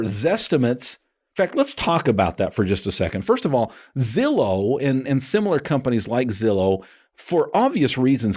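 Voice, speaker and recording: A man hosting a coaching podcast, talking casually and chattily with lots of restarts. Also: mid-range voice. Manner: animated, chatty, many restarts. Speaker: podcast host and appraisal coach. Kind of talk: casual instructional podcast talk.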